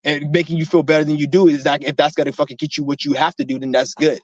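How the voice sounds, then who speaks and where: A man's voice: on the high side, level tone, quick pace, dry recording. A man ranting casually to camera, rambling and emphatic, swearing a lot. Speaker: vlogger preaching breatharianism. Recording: dull lo-fi dry sound.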